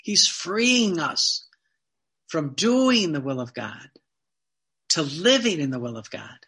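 A man preaching in a high voice, leaning on repeated phrases and rhetorical questions. His tone is bright and a little tense, and he teaches with steady conviction. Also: slow. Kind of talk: devotional teaching talk.

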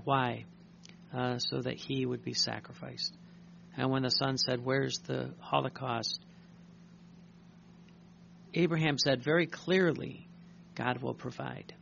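A man preaching a sermon, reading passages aloud, halting with many fillers and restarts and clearing his throat often. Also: medium pitch, bright, forceful tone. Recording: muffled recording with faint hum.

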